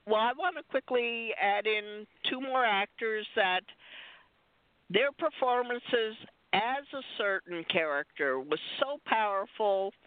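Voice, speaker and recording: A woman guest telling stories in a slow, easy way that drifts from one point to the next. She talks casually about her work as a stunt performer. Her voice comes through a thin, dry phone line. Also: mid-range voice, lively intonation, dry recording. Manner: rambling, digressive storyteller. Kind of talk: casual chat. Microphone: phone call-in.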